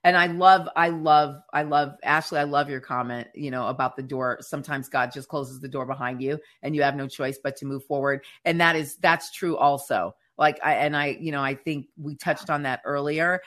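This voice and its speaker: A woman co-hosting a casual faith chat show, telling stories in an animated way and acting out what others said. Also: low-pitched, moderate pace, hardly any pauses. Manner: animated storyteller who acts out quotes. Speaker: podcast co-host.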